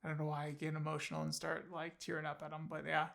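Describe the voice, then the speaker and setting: A man's voice: fairly high pitch, monotone, quick pace, creaky, fairly bright tone. A man casually reviewing an audiobook on his channel, enthusiastic and rambling, with many fillers and restarts.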